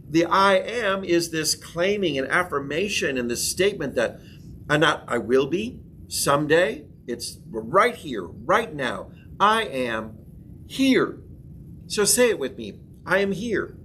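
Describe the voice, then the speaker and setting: A man's voice: a little high, fairly bright tone, slight background noise. Man preaching with rising emphatic proclamations. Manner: rising emphatic proclamations, leads call-and-response affirmations. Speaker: pastor. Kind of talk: sermon class teaching. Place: church classroom.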